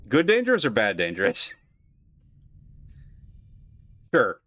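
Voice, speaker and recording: A man's voice: mid-range voice, big pitch swings, fairly quick, a bit bright, dry recording. A man hosting a let's play, reading game text aloud and commenting with playful, chuckling asides.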